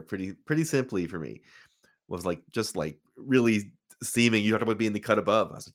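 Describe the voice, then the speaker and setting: A man's voice: lowish voice, animated, moderate pace. A man co-hosting a casual live wrestling review, laid-back and hesitant. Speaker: co-host.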